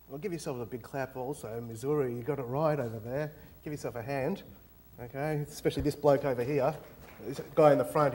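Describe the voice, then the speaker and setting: A young adult man with an Australian accent, giving a joking, audience-engaging talk as guest speaker in a university auditorium. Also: medium pitch. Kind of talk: lively lecture to students.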